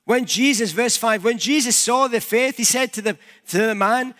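Male pastor, high voice, chatty sermon in a church. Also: normal speed, a bit bright. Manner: conversational, uses props and everyday examples.

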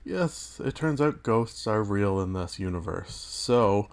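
A man hosting his own podcast, talking in a rambling, self-deprecating way with dry asides, his voice a little hoarse from just waking up. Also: fairly low pitch, animated, slow, darkish tone. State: morning voice, slightly hoarse. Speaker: podcast host. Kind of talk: casual solo media review.

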